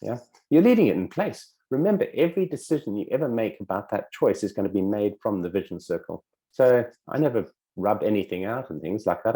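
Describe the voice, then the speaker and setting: A man teaching in a casual spoken way, animated and acting out little dialogues with shifting voices, swearing casually now and then. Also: fairly low pitch. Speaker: self-help coach.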